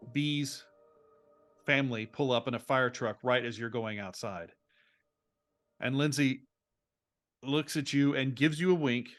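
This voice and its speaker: Guy running a tabletop game, tells it with energy, keeps restarting lines, faint music behind. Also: mid-range voice. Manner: animated storytelling with frequent restarts. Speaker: game master. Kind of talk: narrating a tabletop role-play game.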